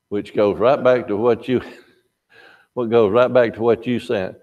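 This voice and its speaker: A man's voice: medium pitch, fairly even intonation, a little slow, phone-quality sound. An older man teaching a Sunday morning Bible class in a folksy, conversational way. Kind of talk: Sunday school lesson.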